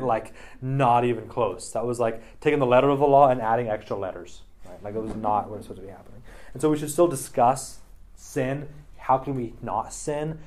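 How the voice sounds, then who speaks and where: A man's voice: medium pitch, darkish tone. A man leading a casual Bible study discussion, talking loosely with lots of "like" and "right?" tags. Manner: chatty, many "like" and "right?" tags.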